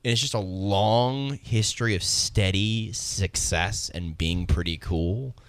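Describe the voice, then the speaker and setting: Deep-voiced man in studio banter. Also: takes it slowly. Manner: animated, explains at length. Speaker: radio show co-host. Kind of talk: casual studio chat.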